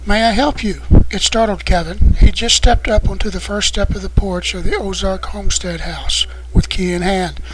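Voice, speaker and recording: Male audiobook narrator, high-pitched, steady unhurried storytelling read. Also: noisy background. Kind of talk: scripted narration.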